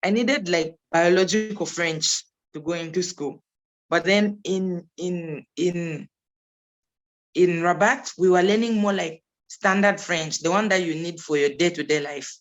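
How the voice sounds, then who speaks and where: A young woman, a recent graduate whose first language is English, answering questions in a loose, chatty way. She tells her story with lively asides and laughs often. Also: on the low side, measured pace, muffled recording. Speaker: graduate guest.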